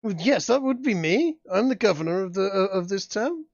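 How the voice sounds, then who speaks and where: A man's voice: high-pitched, very animated, a little fast, darkish tone, no echo, pitched above the performer's own voice, heavily acted. A man voicing a flustered, posh male town governor who stammers in shaken, formal tones. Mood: startled. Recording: dull lo-fi dry sound.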